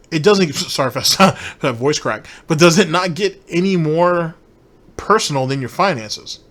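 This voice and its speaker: Brief: male commentary host, rambling sarcastic rant, swears freely, voice a touch high. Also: expressive, moderate pace, a bit bright. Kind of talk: ranting commentary.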